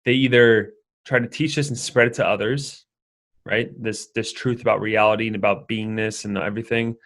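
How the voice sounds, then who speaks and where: A man's voice: on the low side, fairly even intonation, moderate pace, a bit bright. A young man, a guest in a casual conversation, rambling with lots of fillers and restarts. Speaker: podcast guest.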